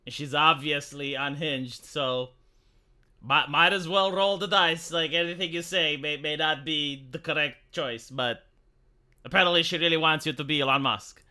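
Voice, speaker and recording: A man's voice: on the high side, normal speed, sharp tone. A man with a Romanian accent, rambling and swearing casually as he reacts to a video on a live stream. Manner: rambling, profane, frequent restarts.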